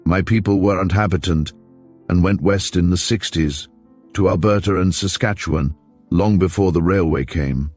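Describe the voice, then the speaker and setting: A man voicing a smooth male crook posing as a Canadian army major, polite and faintly mocking. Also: sits low, moderate pace, a little mellow, faint music behind. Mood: genial.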